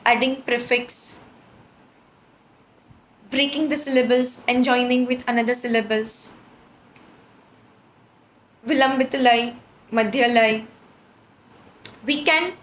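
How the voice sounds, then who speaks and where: A woman teaching percussion, explaining how to compose rhythm phrases and reciting drum syllables in quick rhythmic bursts. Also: fairly high pitch, a bit bright. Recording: echoey room.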